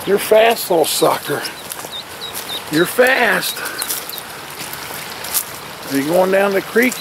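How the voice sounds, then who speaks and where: Slow, coaxing man by a noisy creek. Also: high-pitched. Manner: coaxing, soft-spoken, talks to animals like pets. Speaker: nature vlogger. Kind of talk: casual talk to animals. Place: outdoors by a creek. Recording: outdoor camera audio with stream noise.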